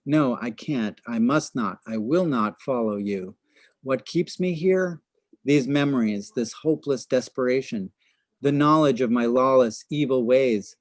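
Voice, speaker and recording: A man's voice: mid-range voice, unhurried, dry recording, close to an everyday voice. A man reading as an anguished, defiant reveller. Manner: impassioned, defiant. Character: anguished young male feast chairman.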